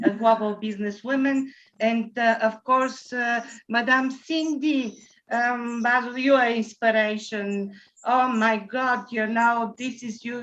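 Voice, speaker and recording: A woman's voice: fairly high pitch, a bit bright. A woman guest speaker giving formal acknowledgements, hesitant with many fillers. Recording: dull lo-fi video call audio.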